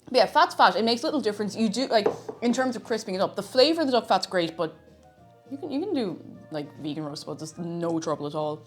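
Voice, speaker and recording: A woman's voice: medium pitch, expressive, fast talker, faint music behind. An Irish woman streaming casually while she cooks, answering her viewers and talking between bites of food. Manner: chatty, reads viewer messages aloud and answers them; talks while snacking, sometimes with a full mouth. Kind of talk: casual cooking livestream chat.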